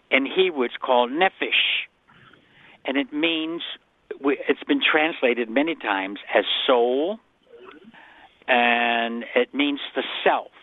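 A man's voice: mid-range voice, dry recording. A man as a guest scholar on a call-in radio show, explaining scripture earnestly and often restarting his sentences. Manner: earnest, explanatory, repeats himself. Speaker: guest Bible scholar answering callers. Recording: dry phone-line sound.

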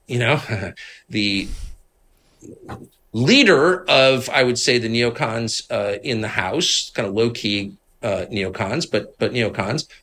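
A man's voice: mid-range voice, slow, slight background noise. A middle-aged man from Washington, D.C., telling stories in a casual interview in an indignant, emphatic way. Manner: animated, indignant, emphatic storytelling. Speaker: interviewed guest, political commentator.

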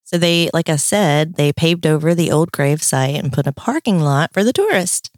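A woman's voice: low voice, lively intonation, moderate pace, darkish tone, no room sound, studio quality. A middle-aged woman co-hosting a podcast, teasing her partner and laughing often in casual chat. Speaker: podcast co-host.

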